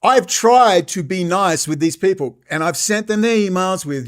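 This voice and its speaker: Angry profane high-voiced Australian man. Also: expressive, normal speed, few pauses. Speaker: channel host. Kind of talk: ranting monologue.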